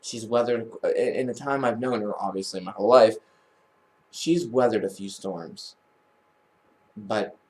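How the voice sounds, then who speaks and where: Man, vlogger, casual storytelling, rambling, restarts often, animated when quoting. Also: on the low side. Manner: rambling, with many restarts and false starts. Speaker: vlogger telling a family story.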